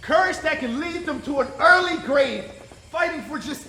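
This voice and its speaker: An actor playing a menacing American soldier who interrogates and threatens a prisoner, mocking him and shouting in bursts. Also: male voice, extremely high pitch, lively intonation, moderate pace, echoey room, slight background noise, exaggerated voice. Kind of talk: indie film drama.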